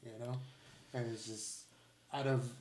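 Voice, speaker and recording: A man's voice: medium pitch, level tone, a little slow. A man on a podcast giving earnest advice in a casual way, with many "you know"s. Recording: echoey room, faint noise.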